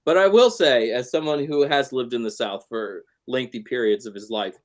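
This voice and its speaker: A man's voice: medium pitch, moderate pace. A man co-hosting a casual film discussion, making wry jokes. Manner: wry, joking. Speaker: podcast co-host.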